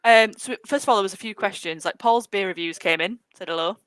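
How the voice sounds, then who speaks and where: A woman's voice: mid-range voice, fast, a bit bright, smooth, no room sound, poor audio. A young woman co-hosting a casual live chat, chatty and laughing often. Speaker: co-host, former brewery worker.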